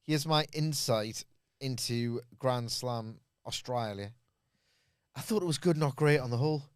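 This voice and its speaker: A man's voice: mid-range voice, clean tone, dry recording, clean studio sound. A man co-hosting a podcast, giving a wry, rambling wrestling show review in casual chat. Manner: wry, rambling, quick bursts.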